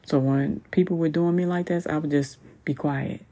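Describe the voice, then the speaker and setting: Solo podcast host, husky and warm, soft-spoken with halting fillers. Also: medium pitch, steady tone.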